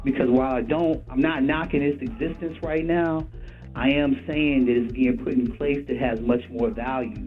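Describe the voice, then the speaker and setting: A man calling in to a radio show, making a measured, earnest argument. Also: mid-range voice, fairly even intonation. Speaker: caller. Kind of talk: call-in radio debate. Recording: phone line with music under it.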